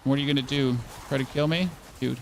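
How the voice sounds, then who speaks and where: A man's voice: mid-range voice, fairly even intonation, quick pace. A young man giving casual gameplay commentary as a streamer, rambling, stammering over his words and asking his viewers questions.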